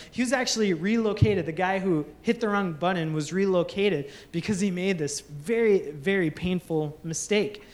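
High-voiced man preaching a sermon. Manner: earnest, building through repetition. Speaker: pastor.

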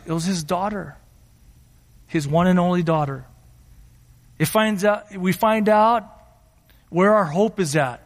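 A man preaching a sermon as pastor, earnest, slowing down for emphasis and acting out quotes. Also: sits high. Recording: reverberant hall.

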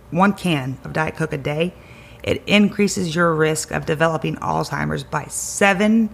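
A woman's voice: low voice, a little slow, vocal fry. A woman, a chiropractor guest on a podcast, giving emphatic advice and repeating key words to drive her points home. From Greenville County area, South Carolina. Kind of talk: energetic advice-giving conversation.

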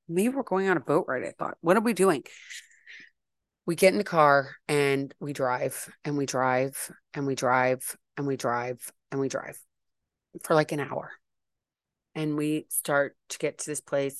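A woman's voice: sits low, moderate pace, no echo. Chatty woman in her fifties, dry close sound. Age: 50s. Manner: chatty, animated, exasperated asides. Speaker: vlogger and wellness coach. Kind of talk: casual storytelling to viewers.

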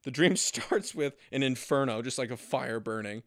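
A man's voice: mid-range voice, moderate pace, a bit bright, no room sound, studio quality. A man co-hosting a podcast who casually recaps a film, swearing and laughing often. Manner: laid-back, swearing, laughs a lot. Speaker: podcast co-host.

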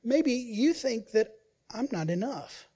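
A man preaching as a pastor, who swings between loud emphasis and quiet, hushed asides and acts out the voices he quotes. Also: very high voice, big pitch swings, slow pace, husky. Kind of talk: sermon.

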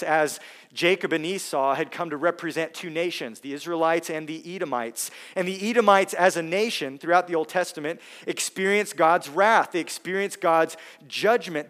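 A man preaching a sermon, emphatic, dropping his voice soft on key words. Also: fairly high pitch. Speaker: pastor.

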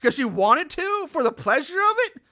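High-voiced man casually recapping a film. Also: big pitch swings, normal speed, bright, forceful tone. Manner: laughing, incredulous asides, swears freely. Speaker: podcast host recapping a film.

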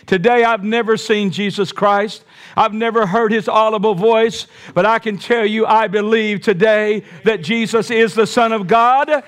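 Male pastor preaching emphatically, high voice, rhetorical questions throughout. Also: fairly even intonation, measured pace, fairly bright tone. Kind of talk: sermon.

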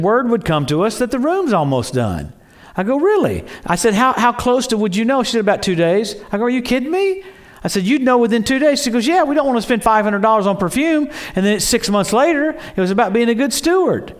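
A man preaching a sermon in an excitable storytelling way, acting out quoted voices and exclaiming. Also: high voice, fast talker.

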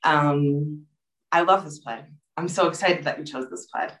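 New york woman, excited guest reader, lowish voice, echoey room. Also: unhurried. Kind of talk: casual talk.

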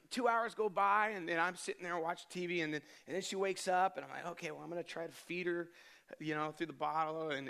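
Man, bright voice, slightly high, candid sermon storytelling, restarts often. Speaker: pastor.

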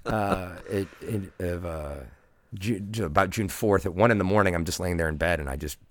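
A man in his forties with a low-sitting voice talks at a normal speed as a podcast guest, telling an earnest, reflective personal story in casual conversation. He restarts often and says "like" a lot. There's no room sound on the recording.

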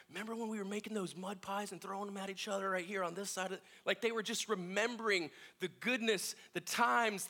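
A middle-aged man sharing personal family stories in a reflective sermon, acting out voices as he tells them. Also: sits high. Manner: reflective, animated in quoted voices.

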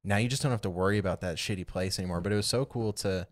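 A young man casually telling a long story on a podcast, peppered with "like" and animated retellings. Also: on the low side, racing. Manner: rambling, animated retelling with lots of "like". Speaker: podcast co-host.

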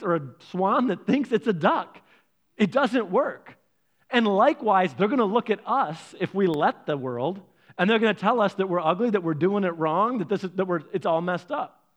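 Pastor, male, high-pitched, preaching with lively humor. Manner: lively storytelling, playful asides to the congregation. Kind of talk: sermon.

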